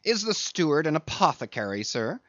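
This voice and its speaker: A man reading an audiobook, voicing a brash, blustering sailor mate who mocks loudly and leaps up in pitch. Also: very animated, no room sound, dull audio. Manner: loud, mocking, fast-rising outbursts.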